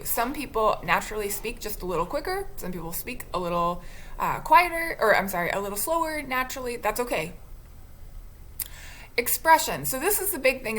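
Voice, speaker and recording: Woman teacher lecturing on speech delivery, bright voice, chatty and expressive. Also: medium pitch, slight background noise. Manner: conversational, expressive, with a few restarts. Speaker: speech instructor.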